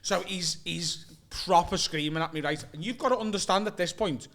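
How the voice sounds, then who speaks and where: A man with a high, bright voice tells a story in casual chat, animated and swearing freely. He is a comedian on a talk show. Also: moderate pace. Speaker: guest comedian.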